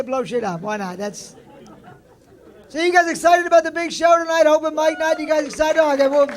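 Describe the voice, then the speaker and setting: A very high-pitched man emcees a stand-up night in loud, upbeat fashion. He works the crowd from the stage mic, and a faint audience murmur sits behind him. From Ireland. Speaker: host. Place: comedy club room with a live audience. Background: audience laughter and chatter.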